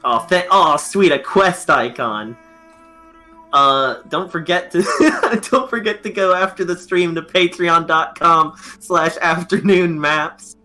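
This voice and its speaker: A man's voice: on the high side, slow pace, pushed and bright, faint music behind. A man playing a tabletop game, rambling and joking with lots of fillers. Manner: rambling and jokey, many fillers. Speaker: player. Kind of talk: casual tabletop game play.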